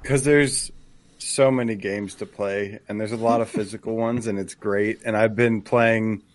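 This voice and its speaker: A man's voice: on the low side, steady tone, unhurried. A man co-hosting a live gaming podcast, chatting eagerly and laughing often. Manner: enthusiastic, laughs often, restarts. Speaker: podcast co-host. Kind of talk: casual live show banter.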